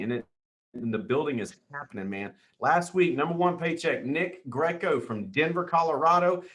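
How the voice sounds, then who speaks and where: A man leads a team's weekly sales call, running through leaderboards and paychecks with pumped-up energy. His voice sits a touch high, and he keeps throwing in "dude" and "brother" as he cheers people on. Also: a bit bright. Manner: hyped, calls everyone dude and brother, quick asides. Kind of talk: excited leaderboard shout-outs on a call.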